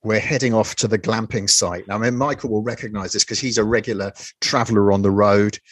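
A man's voice: lowish voice, fairly even intonation, a little fast, breathy edge, dry recording. A man hosting a weekly review show, talking casually with many fillers and restarts. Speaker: host.

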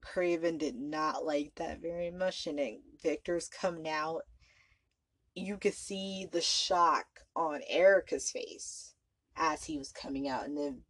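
A woman's voice: sits low, unhurried, fairly bright tone, no room sound, low-quality recording. A woman hosting a podcast, recapping a vampire film in a rambling, profane, casual way. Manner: rambling, profane, full of "you know" and "like". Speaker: podcast host.

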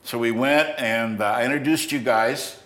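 An older man with a middle-pitched voice hosts a conversation and tells a long personal story. He talks haltingly and often starts a thought over. The room around him sounds echoey. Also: fairly even intonation, a bit bright. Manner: halting, with many restarts. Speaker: podcast host.

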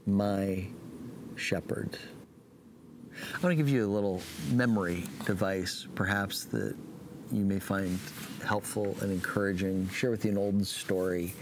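A man preaching a sermon, praying and telling a story in a relaxed, folksy way with fillers. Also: low-pitched, moderate pace, background noise.

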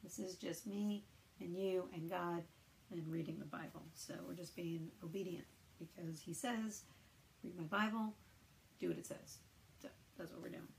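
Gravelly, hesitant woman musing on scripture. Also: fairly low pitch, steady tone, moderate pace, slight background noise, poor audio. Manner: hesitant, many fillers, thinking aloud. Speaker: Bible reader. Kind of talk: casual Bible reading and reflection.

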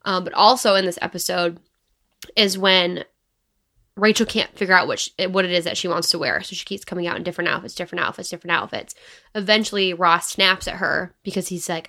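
Bright-voiced young woman chatting. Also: on the low side, fairly quick, creaky. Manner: chatty storyteller, laughs easily. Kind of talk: casual chat.

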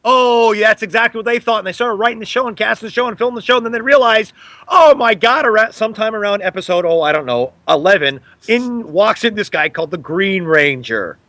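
A man who is an actor, guest on an interview podcast, telling stories in an animated, theatrical way and putting on voices. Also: sits high, fairly quick, no echo. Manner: excitable, theatrical, mimics voices. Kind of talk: animated storytelling in conversation.

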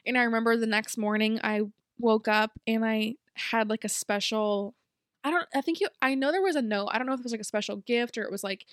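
A young woman co-hosting a podcast in casual chat, telling a rambling story that she breaks up with quick bursts of speech. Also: a little high, fairly bright tone, dry recording, clean studio sound. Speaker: podcast co-host.

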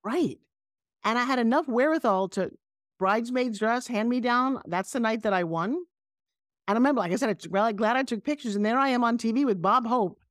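A middle-aged woman with a New York accent, a guest telling animated stories on a video call. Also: a little high, fairly quick, dry recording, studio quality. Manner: animated, emphatic storyteller. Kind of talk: casual interview storytelling.

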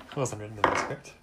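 A man running a tabletop game as game master, relaxed and quick to laugh. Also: medium pitch, heavy background noise.

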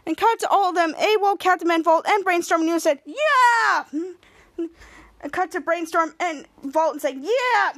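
Very high-voiced woman recapping a TV episode. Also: fairly even intonation, dry recording. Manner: halting, stumbling, repeats and restarts words. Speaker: podcast host.

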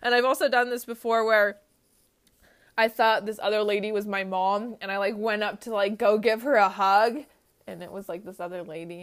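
A woman's voice: mid-range voice, steady tone, brisk. A young woman hosting a podcast, reading funny stories aloud and chatting about them with a giggly manner and lots of filler words. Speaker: podcast host.

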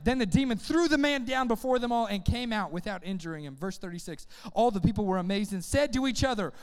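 A man preaching a sermon to young people, energetic and casual, often calling on the crowd to respond. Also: sits high, quick pace, few pauses, clean tone, long reverb tail. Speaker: youth pastor.

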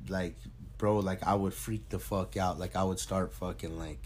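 A man's voice: low voice, fairly even intonation, normal speed, darkish tone. A man co-hosting a podcast, chatting casually in a rambling, slangy way, swearing a lot and laughing often. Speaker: podcast co-host. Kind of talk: casual profane chat.

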